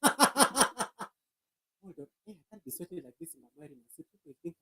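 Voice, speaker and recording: A woman's voice: mid-range voice, very animated, moderate pace, gravelly, pushed and bright, husky. A woman hosting a casual live stream, playful and laughing, out of breath after dancing. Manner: playful, laughing, bursts of singing. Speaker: livestream host.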